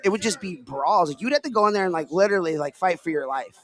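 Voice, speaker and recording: A man's voice: high-pitched, lively intonation, fast, fairly bright tone. A man from Illinois hosting a casual podcast, talking in a rambling, filler-heavy way. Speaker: podcast host. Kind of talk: casual chat.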